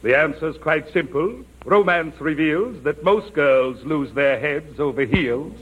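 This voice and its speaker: An actor playing a sly, hungry male wolf who talks like a smooth, wisecracking suitor, in 1940s radio comedy. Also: a little high, animated, unhurried, a bit bright, exaggerated voice, low-quality recording. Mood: smug. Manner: wisecracking, mock-gallant.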